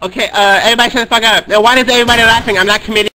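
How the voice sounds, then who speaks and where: A high-pitched man with a sharp, bright voice shouts commands over game voice chat, bossy and relentless. His English comes out broken and clipped as he orders players around through a headset mic. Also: steady tone, very fast, slight background noise, low-quality recording.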